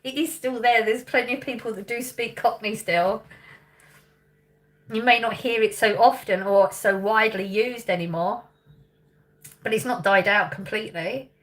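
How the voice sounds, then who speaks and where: A woman's voice: a little high, moderate pace. A woman in her thirties from England, chatting casually on a livestream, reading out viewer questions, thinking aloud and laughing often. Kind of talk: casual live chat.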